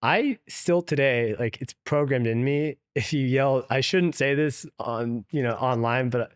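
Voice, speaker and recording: Male interview guest, casual anecdote teller, filler-heavy and loose, mid-pitched, dry close recording. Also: measured pace, dry recording. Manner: loose and chatty, heavy use of "like", laughs often. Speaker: interview guest, venture investor. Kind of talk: casual storytelling in conversation.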